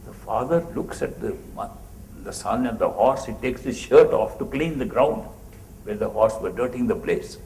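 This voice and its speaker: A man's voice: mid-range voice, lively intonation, moderate pace, a little mellow, a little hiss or hum. A man, a spiritual teacher, telling a story in a talk and animatedly acting out its people. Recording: roomy echoey room.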